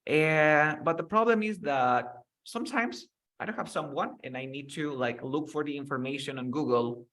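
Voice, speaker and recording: A man's voice: a little high, moderate pace, a bit bright. A young man whose first language is Spanish, teaching an English lesson over a video call, explaining words and repeating them for practice.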